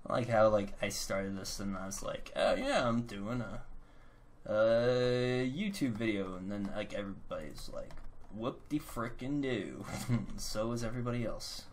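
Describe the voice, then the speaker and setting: A man's voice: fairly low pitch, moderate pace, slight background noise. A man hosting a gameplay video, chatting casually in a rambling, self-mocking way while he plays at his computer. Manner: rambling, self-mocking, breaks into silly voices. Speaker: gaming channel host.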